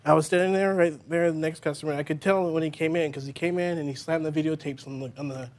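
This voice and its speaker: A man giving witness testimony in a televised courtroom, in a halting, plain account. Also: a little high, steady tone.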